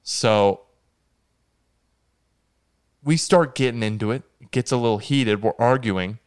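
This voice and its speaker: Slow, smooth-voiced deadpan man storyteller. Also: mid-range voice. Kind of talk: casual spoken anecdote.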